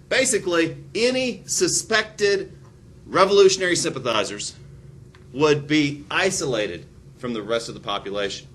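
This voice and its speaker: A male history lecturer talks through his material in an animated, theatrical way. He keeps a middle-pitched voice, drops in wry, sarcastic asides, and a faint hiss sits under the recording. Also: moderate pace. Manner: animated, acts out quotes with big pitch jumps.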